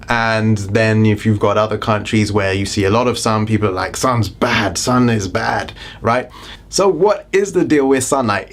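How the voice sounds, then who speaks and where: This is a British man hosting his own wellness vlog and talking straight to the camera. He is chatty and keeps breaking off for jokey, self-deprecating asides before getting back to explaining things. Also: medium pitch. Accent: British English. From Britain. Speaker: wellness vlogger.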